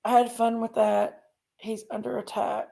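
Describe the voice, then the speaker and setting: A woman's voice: a little high, little pitch movement, unhurried, creaky, warm tone. A woman hosting a livestream, chatting in a rambling, folksy way and talking to her chat. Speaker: livestream host.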